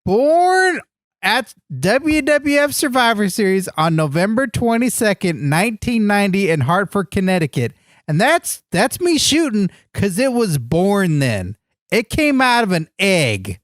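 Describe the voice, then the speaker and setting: A man's voice: high-pitched, big pitch swings, a little slow, no room sound, studio quality. A man co-hosting a comedy podcast, earnestly enthusiastic in a goofy way. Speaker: podcast co-host. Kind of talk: comedic banter.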